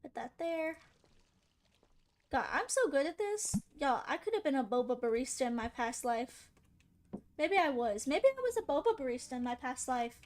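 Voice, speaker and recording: A woman's voice: sits high, animated, a little fast, darkish tone. A young woman hosting a gaming channel, giving playful, sassy commentary and talking back to the characters as she plays. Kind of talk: casual gameplay commentary.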